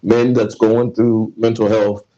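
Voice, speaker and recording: A man's voice: lowish voice, level tone, measured pace, warm tone, highs cut off. A man hosting a podcast, telling stories in a casual, profane way and laughing often. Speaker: podcast host.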